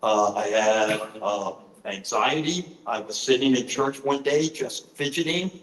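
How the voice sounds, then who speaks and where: A man's voice: medium pitch, a little slow, fairly bright tone. A middle-aged man telling personal stories in a conference talk, earnest, with frequent fillers. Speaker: author giving a presentation. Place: conference hall. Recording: echoey conference hall.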